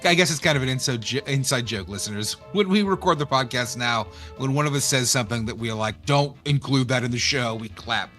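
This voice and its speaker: A man's voice: medium pitch, expressive, bright, forceful tone, soft background music. A man from the American South, co-hosting a casual gameplay chat, joking and swearing freely. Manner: joking, profane, quick to laugh. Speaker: co-host.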